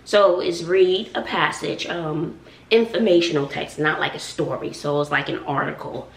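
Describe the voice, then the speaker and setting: A woman's voice: low-pitched, steady tone, normal speed, vocal fry, recorded from a distance. A woman in her forties, a schoolteacher, chatting casually to viewers while cooking in her home kitchen, sassy and talkative. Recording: echoey room, voice off-mic.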